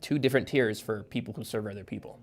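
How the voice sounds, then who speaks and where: A man's voice: lowish voice, quick pace. Rambling man explaining with many fillers. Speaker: guest author. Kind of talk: casual podcast chat.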